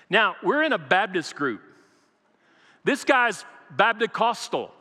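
Older preacher in a ringing hall. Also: male voice, high voice, sing-song, takes it slowly, bright, forceful tone, husky. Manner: preachy, rhetorical questions, repeats key lines. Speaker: pastor. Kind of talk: sermon. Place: church sanctuary.

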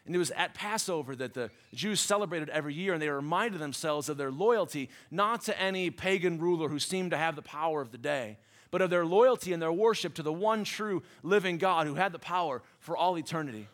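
A man preaching a sermon as a pastor, earnest, building to emphatic passages and dropping to soft, low endings. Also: lively intonation, brisk.

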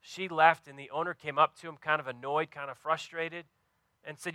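A man's voice: on the high side, steady tone, normal speed, pushed and bright, no echo. A man preaching a sermon, telling a story earnestly and stumbling over fillers as he speaks to his congregation. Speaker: pastor.

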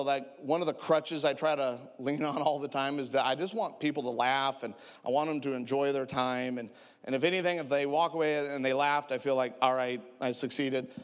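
A man telling a humorous story as a preacher, animated and joking with his audience. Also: fairly high pitch, big-room sound. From United States. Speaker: traveling preacher.

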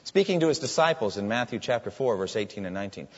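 A man preaching a sermon, his voice rising and falling with lively intonation as he reads scripture with emphasis and asks questions. The sound is dull and lo-fi. A long reverb trails each phrase, as in a large hall. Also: lowish voice, quick pace.

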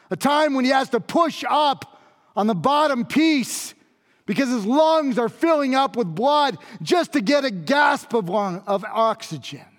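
A man performing a dramatic monologue as a Roman centurion, speaking intensely and pleadingly and repeating phrases for emphasis. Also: very high-pitched. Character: Roman centurion, grave and awestruck. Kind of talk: dramatic first-person monologue. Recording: long reverb of a large hall.

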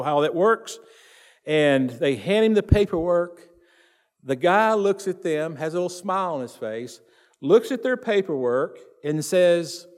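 A man's voice: fairly high pitch, darkish tone, big-room sound. A man, a pastor telling a story in a sermon and acting out the people in it. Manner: retells stories with quoted voices, repeats phrases.

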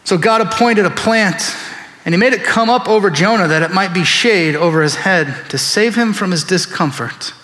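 Guy pastor preaching, animated, acts out bible people, fairly high voice, big echoey church. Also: normal speed. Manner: animated, acts out biblical figures in quoted voices. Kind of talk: sermon. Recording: long reverb of a large hall.

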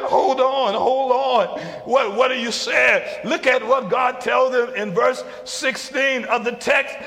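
A man preaching a sermon to his congregation, building to emphatic shouts and repeating key lines for effect. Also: extremely high pitch, vocal fry, in a large hall. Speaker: pastor.

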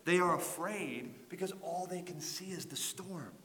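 A man preaching a sermon as a pastor, building emphatic rhetorical lists and dropping to soft asides. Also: high voice, unhurried, big-room sound.

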